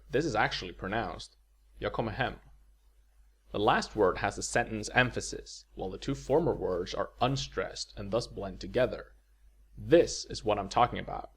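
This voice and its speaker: Swedish guy teaching a language lesson, low husky voice, upbeat and reassuring. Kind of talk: video lecture.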